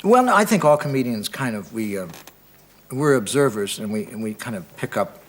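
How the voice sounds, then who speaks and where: An American man talks on a studio interview in a dry, understated way. He restarts and trails off often, with a level middle pitch. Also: very animated, a little fast. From United States. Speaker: comedian guest. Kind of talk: talk-show interview.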